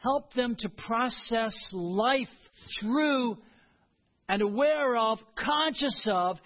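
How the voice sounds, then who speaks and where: A man's voice: extremely high pitch, takes it slowly, muffled recording. A man preaching a sermon as a pastor, earnest and emphatic.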